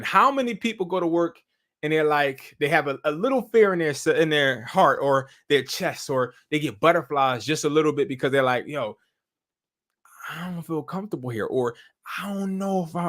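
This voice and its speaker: A man's voice: on the high side, a bit bright. A man hosting a live stream, chatting casually and telling stories in loose slang with profanity. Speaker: host.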